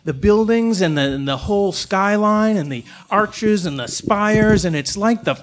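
A man from Chicago tells a funny story in a loose, rambling, swearing style. His voice sits a bit high for a man, and he talks with lively energy. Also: unhurried. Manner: rambling, profane, animated. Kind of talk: live comic storytelling.

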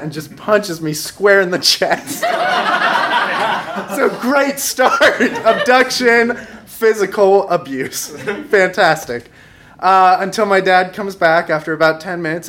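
A man's voice: fairly high pitch, fairly bright tone. Wry young man telling a stage story. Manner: wry, self-mocking, laughing through his own story. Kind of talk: stand-up storytelling.

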